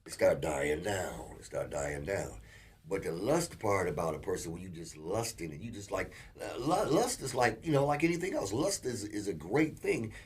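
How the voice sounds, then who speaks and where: A man co-hosting a casual relationship talk show, telling animated stories and acting out quotes. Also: low voice, normal speed. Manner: animated storyteller, acts out quotes. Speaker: co-host.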